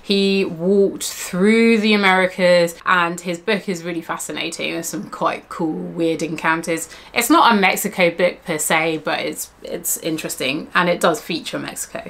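A woman's voice: lowish voice, steady tone, moderate pace, creaky, hardly any pauses, fairly bright tone. A young woman gives travel tips in a casual vlog. She talks in a chatty, candid way, full of asides and "like". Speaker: travel blogger.

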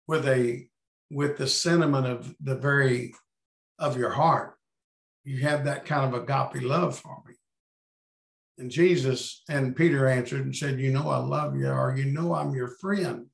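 A man's voice: medium pitch, vocal fry, roomy sound. A man leading a Bible study over a video call, thinking aloud as he reads and paraphrases scripture.

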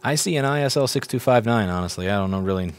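A man's voice: lowish voice, lively intonation, quick pace, smooth. A man teaching board repair in a casual walkthrough, explaining step by step, repeating points and asking viewers questions as he goes.

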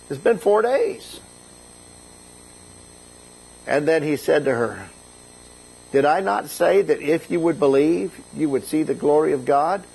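A man's voice: fairly high pitch, gravelly, darkish tone, slightly rough, low-quality recording. A middle-aged man, a bishop, preaching a conversational sermon, retelling scripture in a casual, folksy way and lifting his voice for quoted lines.

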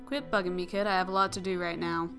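A woman's voice: lowish voice, steady tone, fast talker, creaky, music in the background. A woman voicing a snobby, sassy head nurse in a video game playthrough, curt and snippy.

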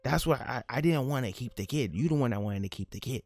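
A man's voice: medium pitch, animated, quick pace, a little mellow, no room sound. A man voicing a defensive twenty-one-year-old boyfriend in a game, brushing off blame with slang.

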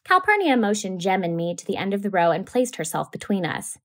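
A woman teacher reading a novel aloud to a class with a steady, clear delivery. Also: medium pitch, fairly quick.

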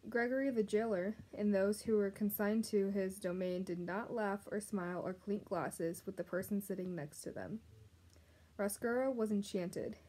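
A woman narrating a children's novel aloud, gently addressing the reader. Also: mid-range voice. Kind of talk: storybook read-aloud narration.

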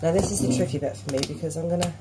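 A woman's voice: low-pitched, rapid-fire. A woman in her thirties, casually explaining a recipe in her home kitchen while guiding her little boy, filmed on her phone. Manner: chatty, instructive, coaxing a small child. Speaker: parent teaching a recipe. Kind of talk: casual cooking demonstration. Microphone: phone camera held by hand. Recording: noisy home kitchen recording.

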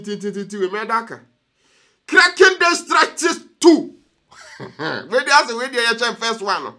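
A young Ghanaian man hosting a news reaction vlog, lively and jokey, switching between languages as he talks. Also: high voice. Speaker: vlog host.

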